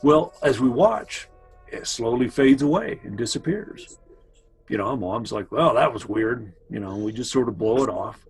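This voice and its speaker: A man's voice: medium pitch, normal speed, a little mellow, slightly rough, soft background music, poor audio. A man casually telling his brother old family stories, meandering with asides to his listener. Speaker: family storyteller. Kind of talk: casual spoken storytelling.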